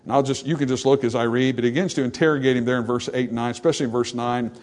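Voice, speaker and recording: A man preaching a sermon, animated and acting out the voices in the scripture passage, then dropping to softer, reflective tones. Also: medium pitch, very fast. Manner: animated, acts out dialogue from scripture. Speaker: pastor.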